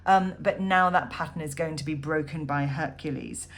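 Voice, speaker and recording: A woman teaching a poetry lesson, counting syllables aloud in a measured way with frequent ums. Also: sits low, slight background noise. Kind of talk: poetry lesson, annotating a text.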